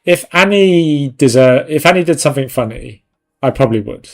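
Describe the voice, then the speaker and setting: A man's voice: mid-range voice, lively intonation, normal speed. A man hosting a live stream, chatting casually and jokingly with viewers while he works, laughing often. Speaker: 3D art stream host.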